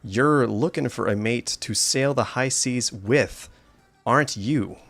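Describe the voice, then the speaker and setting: A man's voice: mid-range voice, creaky, a bit bright, soft background music, full character voice. A man doing a hammy, drawling pirate fox. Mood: swaggering. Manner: drawn-out pirate accent, hammy. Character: swaggering male pirate fox animatronic.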